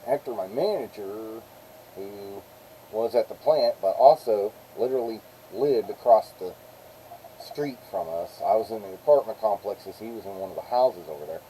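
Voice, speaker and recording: A man's voice: lowish voice, animated, moderate pace, warm tone, slight background noise, poor audio. A middle-aged man, rambling through a casual story on a live stream and acting out the people he quotes.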